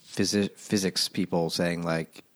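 A man's voice: sits low, steady tone, a little slow. A man co-hosting a casual book chat, retelling the plot with profanity and dry wisecracks. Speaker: podcast co-host.

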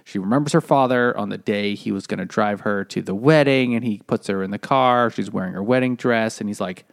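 Man, gravelly low voice, rambling plot recap, casual podcast chat. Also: fairly quick, dry recording, clean studio sound. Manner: rambling retelling with many fillers. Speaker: podcast co-host. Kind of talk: casual book discussion.

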